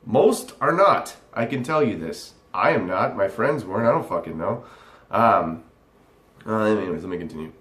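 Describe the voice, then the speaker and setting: Animated and a bit bright, with a lowish voice at normal speed, a young man vlogs a ranting reaction to a text he reads aloud. He's sarcastic, swears frequently, and rambles, and the room echoes.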